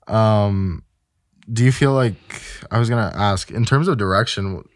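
A man's voice: on the low side, normal speed, no echo, clean studio sound. A man hosting an interview, asking curious questions in a chatty, easygoing way and offering his guest praise. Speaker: interviewer host. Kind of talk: casual interview.

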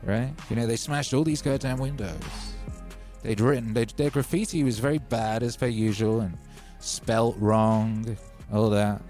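A man's voice: mid-range voice, steady tone, a little slow, dark tone, faint music behind. A man hosting a livestream, telling rambling, wry stories in a casual chat from home. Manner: chatty, wry storytelling with hype openers. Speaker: livestream host.

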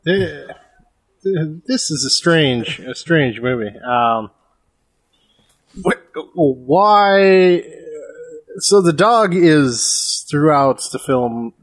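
Hesitant, dry-humored man chatting casually. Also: on the high side. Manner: measured, hesitant with frequent ums and restarts, dry humor. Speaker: podcast co-host reviewing a film. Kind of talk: casual comedic chat.

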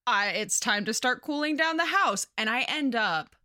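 Female podcast co-host: animated, profane storyteller with a bright voice. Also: on the high side, normal speed, no room sound, studio quality. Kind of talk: casual chat recapping a book.

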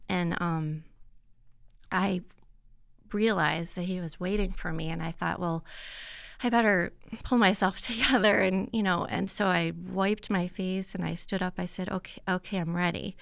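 Woman, guest, earnest reflective storytelling, soft hesitations, gravelly voice, dry recording. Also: fairly low pitch, steady tone, moderate pace, no room sound. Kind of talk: personal testimony in conversation.

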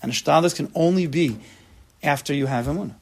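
Gravelly-voiced man teaching a lively class. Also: on the high side, brisk. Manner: lively, acts out quotes, talks to the class. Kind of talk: informal religious lesson.

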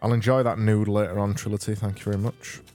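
A man hosting a comedy podcast, reading out listener messages in a deadpan, rambling, self-mocking way, with faint music behind. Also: fairly low pitch, quick pace. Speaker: podcast host.

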